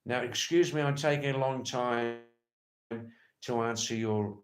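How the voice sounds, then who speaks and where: A man chats on his livestream, answering viewer comments at a very slow, easy pace. His voice sits at an ordinary middle pitch, and he rambles playfully, repeating words and phrases as he goes. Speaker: livestream host. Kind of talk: casual livestream chat reading viewer comments. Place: lives in Nepal.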